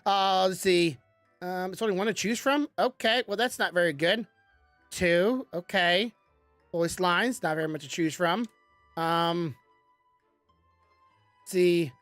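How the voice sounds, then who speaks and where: A woman's voice: fairly low pitch, a little slow, long pauses, dry recording, faint music behind. A woman giving casual commentary while playing a game, chatty and self-mocking, stumbling as she reads the text aloud. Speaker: gaming streamer.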